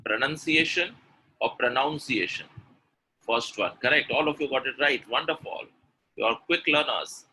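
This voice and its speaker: A man's voice: mid-range voice, lively intonation, brisk, bright, forceful tone, slight background noise, rough recording. A man teaching pronunciation in a live webinar, quizzing the audience with word pairs and praising their answers. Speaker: English pronunciation coach.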